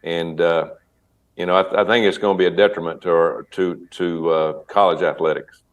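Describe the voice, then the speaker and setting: A man who is a former coach, speaking as an interview guest, halting and restarting his sentences often. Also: low-pitched, fairly even intonation, dull audio.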